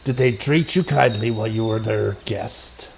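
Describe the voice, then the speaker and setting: A man's voice: on the low side, moderate pace, vocal fry, noisy background. A man voicing a polite, formal young goblin traveler at a tabletop game. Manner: courteous, formal.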